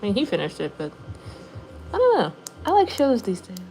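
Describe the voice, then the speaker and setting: A chatty woman nail artist talks casually through a livestream, animated and quick to fill her sentences with "like". Her voice sits at an ordinary middle pitch, and a faint noise runs under it. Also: low-quality recording. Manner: chatty, animated, says "like" often. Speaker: nail artist streaming live. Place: nail studio.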